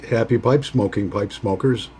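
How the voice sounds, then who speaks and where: A man hosting a pipe-smoking vlog, chatting casually in a rambling, halting way with many fillers. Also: lowish voice, warm tone, slight background noise. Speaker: pipe-smoking channel host.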